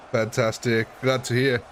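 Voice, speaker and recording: A man's voice: mid-range voice, slight background noise. A man livestreaming a game, chatting casually and rambling to his viewers, greeting them by name and laughing often. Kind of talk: casual live gameplay chat with viewers.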